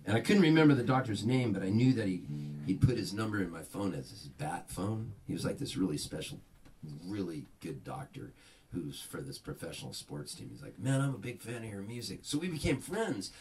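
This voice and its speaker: A man's voice: low-pitched, fairly quick, distant mic, soft background music. A man telling comic stories to a small audience at a private house party, acting out the people in his tales. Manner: animated, acts out the voices in his stories. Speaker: singer-songwriter performing a house concert. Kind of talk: live comic storytelling between songs.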